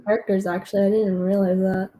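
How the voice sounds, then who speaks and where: A woman's voice: medium pitch, level tone, racing, warm tone. A woman co-hosting a casual movie review chat, playful and teasing. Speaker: co-host.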